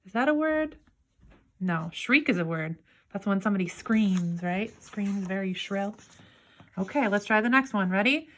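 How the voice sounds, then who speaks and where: A woman teacher giving a remote phonics lesson to young children, patiently sounding out words slowly and praising answers. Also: medium pitch, lively intonation, fairly bright tone. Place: home, downstairs room.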